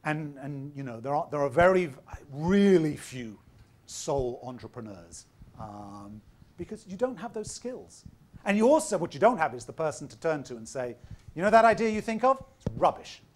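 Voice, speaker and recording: A man's voice: fairly high pitch, big pitch swings, normal speed, darkish tone, a little hiss or hum. Man losing his voice, emphatic and direct. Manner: direct, emphatic, repeats words while thinking. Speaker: speaker addressing entrepreneurs. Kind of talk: informal talk to an audience.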